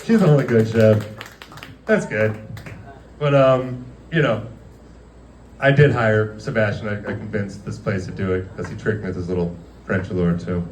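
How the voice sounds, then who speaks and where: A man's voice: lowish voice, moderate pace, pauses often, distant mic, a little hiss or hum. Rambling man telling restaurant stories. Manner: rambling, laughing, full of "like". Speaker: restaurant worker doing stand-up. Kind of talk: casual stand-up comedy storytelling. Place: dimly lit restaurant, live audience.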